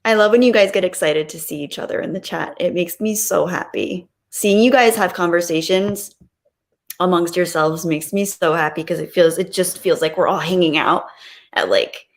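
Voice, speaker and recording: A woman's voice: on the low side, creaky. A woman hosting a live stream, chatting casually and reading out viewer messages, gushing with thanks and giggling often.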